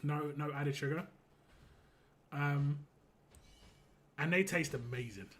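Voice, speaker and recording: A man's voice: fairly high pitch, takes it slowly, fairly bright tone. A young man chatting casually and rambling while he streams a mobile game, laughing easily as he talks. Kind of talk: casual live-stream chat.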